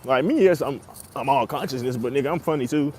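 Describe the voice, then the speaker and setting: A man's voice: medium pitch, fast talker, a little mellow, slight background noise. A young man talking casually and at length as a podcast host, laid-back and slangy, laughing often as he talks. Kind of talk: casual monologue.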